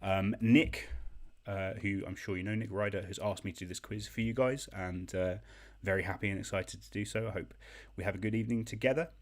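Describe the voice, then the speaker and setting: A man's voice: lowish voice, brisk, hardly any pauses. A man hosting a casual online quiz from home, talking in a chatty, self-deprecating way with many hesitations. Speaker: quiz host.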